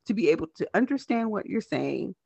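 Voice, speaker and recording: A woman podcast host with a lisp, talking fast in casual, animated chat. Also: mid-range voice, vocal fry, slightly rough, no echo. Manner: talks fast, animated and laughing.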